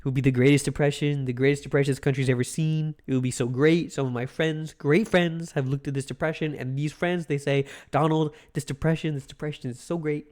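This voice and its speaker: A man puts on a bragging older politician who heaps superlative on superlative and keeps circling back to the same words. The voice stays fairly high and sits a little low and quiet compared with his usual talk. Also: steady tone, fairly quick, few pauses, close to an everyday voice. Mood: boastful. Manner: boastful, repetitive superlatives. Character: boastful older male politician, bragging and repetitive.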